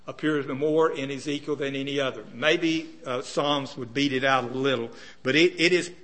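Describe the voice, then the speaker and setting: A man's voice: a little high, sharp tone. A man preaching a sermon in a conversational way, often putting questions to his listeners.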